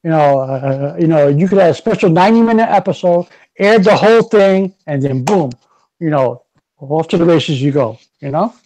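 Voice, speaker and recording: A man hosting a casual podcast chat, excitable and full of "you know" fillers. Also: a little high, normal speed, a little hiss or hum, poor audio. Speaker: podcast host.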